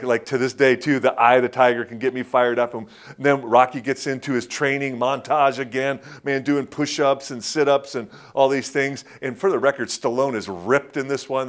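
This male pastor preaches as if chatting, stumbling through fillers and restarts. Quoted lines get performed in a higher, louder voice.

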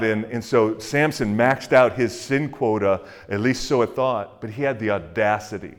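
A male pastor giving a conversational sermon with plenty of fillers and acted-out quotes, then dropping to a hushed voice to pray. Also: on the low side, a little slow. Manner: drops to a hushed, soft voice in prayer.

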